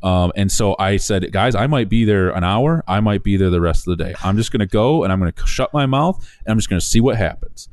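A man's voice: on the low side, fast talker, hardly any pauses, no echo. Man telling a business story, dry close sound. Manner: animated, acts out quotes, frequent restarts. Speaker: small business owner telling his story. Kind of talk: casual storytelling chat.

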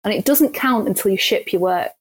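A woman with a northern English accent in a casual podcast chat, friendly and quick to laugh. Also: mid-range voice, lively intonation.

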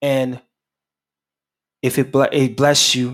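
A man's voice: mid-range voice, fairly even intonation, measured pace. A man preaching on a radio broadcast, closing his sermon and leading a long spoken prayer in a repetitive cadence with many fillers.

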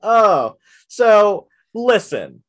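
A man in casual conversation, animatedly telling a story from his job managing a theater, often dropping to hushed asides when quoting himself. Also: high voice, very animated, very slow.

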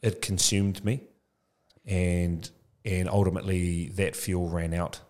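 Deep-voiced guy in his 40s on a podcast, super casual, keeps saying bro, opens up about himself. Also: level tone, slow, darkish tone. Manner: casual, says "bro" often, frank and reflective. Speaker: podcast guest, childcare business founder. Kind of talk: candid conversational interview.

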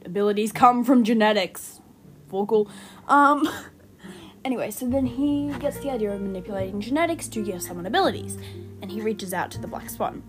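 A young woman hosting an unscripted fan-theory podcast, excitable and rambling, who speeds up when excited. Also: on the high side, a little fast. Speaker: podcast host. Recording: music playing behind the voice.

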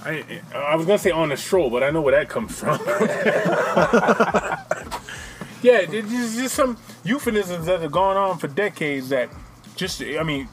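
A man's voice: a little high, measured pace. A man co-hosting a podcast, joking around and swearing freely in casual chat. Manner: profane, joking, animated. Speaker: podcast co-host.

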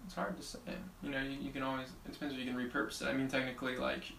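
A man co-hosting a casual podcast chat, joking, laughing and slipping into quick impressions. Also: mid-range voice, steady tone, vocal fry, sharp tone, roomy sound, far from the mic, slight background noise. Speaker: podcast co-host.

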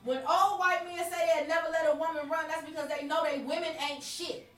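A woman with a high voice rants about politics on a podcast in a blunt, heated way, cursing freely. Her voice sits back from the microphone in an echoey room. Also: steady tone, fairly quick, a bit bright, distant mic. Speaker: podcast co-host. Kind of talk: profane political rant.

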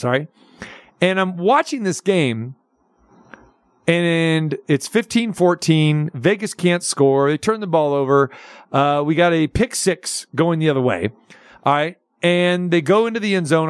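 A man's voice: a little high, animated, unhurried, dry recording, studio quality. A man hosting a sports radio show, ranting with sarcastic asides. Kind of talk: casual sports talk radio rant.

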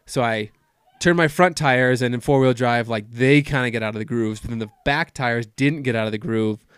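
A young man hosts a podcast in a relaxed, easygoing way, steering the chat and laughing along. His voice is smooth and clear, sitting mid-range, recorded dry and close. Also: medium pitch, moderate pace, no echo. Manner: easygoing, laughs often, leads the talk. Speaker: podcast host. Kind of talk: casual chat.

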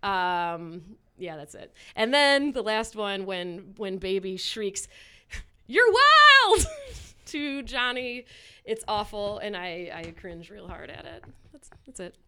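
A woman chatting casually on a podcast about a movie, animated and quoting lines. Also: mid-range voice, a little slow, few pauses, clear, resonant tone. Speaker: podcast co-host. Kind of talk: casual chat.

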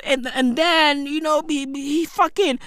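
A woman's voice: high-pitched, steady tone, unhurried, a bit bright, no room sound, clean studio sound. A woman hosting a show, ranting with heavy swearing, exasperated and stammering through restarts. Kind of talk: profane comedic rant.

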